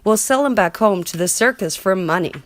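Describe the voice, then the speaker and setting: A woman voicing a group of excited male hunters in a storybook reading, exclaiming. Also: mid-range voice, a little fast, dry recording, natural voice.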